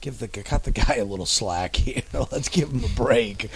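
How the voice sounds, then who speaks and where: A man co-hosting a casual podcast chat, blunt and quick to swear, laughing along. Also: mid-range voice, creaky, a loud crowd. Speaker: podcast co-host.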